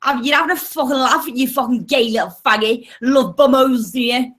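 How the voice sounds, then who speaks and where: A woman's voice: high voice, fairly quick, fairly bright tone. A woman arguing heatedly in an online voice chat, combative and swearing constantly. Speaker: voice chat room participant.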